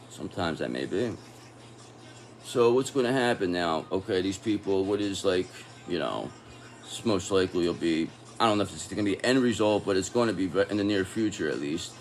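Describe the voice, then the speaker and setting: A man's voice: low-pitched, animated, fairly quick, slight background noise. A man giving a casual tarot reading, talking in an angry, profane and confrontational way. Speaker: tarot reader.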